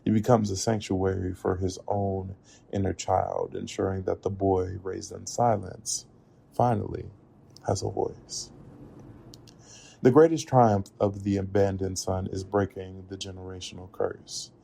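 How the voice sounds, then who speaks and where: A man with a very deep, gravelly voice delivers a reflective spoken essay. His tone is dark and husky, and his pacing is measured and earnest. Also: level tone. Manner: measured, earnest, with occasional laughs at slips. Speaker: narrator.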